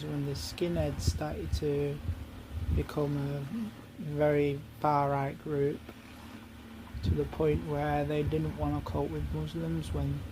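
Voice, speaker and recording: A man's voice: a little high, background noise. A man ranting in an angry monologue, heated and repetitive, swearing often.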